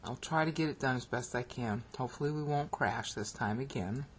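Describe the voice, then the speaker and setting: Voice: mid-range voice, a little fast, a little hiss or hum. A Bible teacher with an American accent, narrating a screen-recorded lecture and checking in with listeners with frequent "okay?" as they explain.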